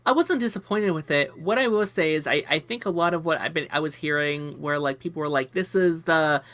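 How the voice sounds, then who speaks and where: A man's voice: fairly high pitch, a little fast, fairly bright tone, no echo. A man in a casual live stream chat, speaking hesitantly, restarting his sentences and filling with "like". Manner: hesitant, restarts sentences and uses filler words.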